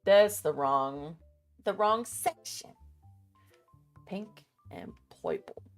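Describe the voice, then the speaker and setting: Young woman vlogger, low and unhurried, sassy and sweary, rambling and muttering through a list. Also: huge pitch swings, soft background music. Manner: muttering to herself while making a list. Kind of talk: casual chat.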